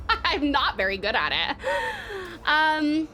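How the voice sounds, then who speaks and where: A woman's voice: sits high, big pitch swings, slow, bright, forceful tone, soft background music. A young Australian woman streaming a game, chatting in a bubbly, giggly way and swearing freely. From Tasmania, Australia. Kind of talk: casual game stream chat.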